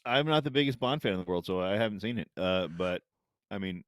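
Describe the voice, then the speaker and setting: A man with a lowish, bright voice and a lively pitch co-hosts a relaxed movie chat. He is laid-back and laughs easily. The sound is dry. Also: brisk, dry recording. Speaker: podcast co-host. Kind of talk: casual chat.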